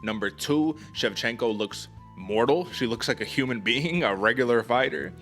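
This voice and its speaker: A man's voice: mid-range voice, lively intonation, moderate pace, fairly bright tone, faint music behind. A man hosting a casual sports podcast, talking energetically and emphatically to his co-host.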